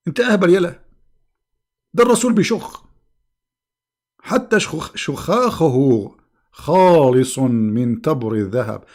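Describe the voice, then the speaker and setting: A man's voice: fairly high pitch, expressive, quick pace, long pauses, natural voice. A man doing a blustering boastful village mayor. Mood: scornful. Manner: loud, scornful ranting.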